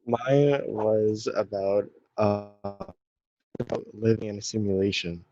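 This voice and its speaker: A man's voice: on the low side, slow pace, warm tone. A young man on a casual podcast, laid-back and hesitant, starting to describe a movie. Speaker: podcast co-host. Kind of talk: casual chat. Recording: dull lo-fi sound.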